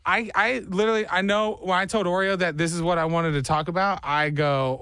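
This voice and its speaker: Morning radio guy, lilt, kinda high voice, dry studio sound, hams up his rants. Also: brisk, hardly any pauses, dry recording. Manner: animated, exaggerated storytelling with mock outrage. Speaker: radio morning show host. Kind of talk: casual morning radio banter. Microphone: studio microphone.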